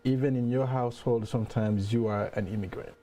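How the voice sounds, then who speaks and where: A man's voice: medium pitch, steady tone, fairly quick, warm tone, a little hiss or hum. A man hosting an interview, framing long questions with many restarts. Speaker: host.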